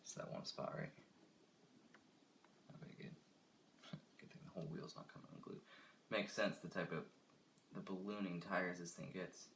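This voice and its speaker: A young man streams live from home, talking casually as he works, often muttering and sighing in frustration. His voice sits a little low but sounds bright. A faint noise hums behind him. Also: steady tone, moderate pace, long pauses. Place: home, working on a toy car.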